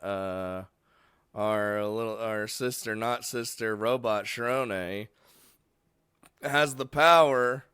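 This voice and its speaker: A man's voice: medium pitch, pushed and bright, clean tone, no echo. A man streaming a game live, rambling and laughing often, casually swearing, just woken up and yawning.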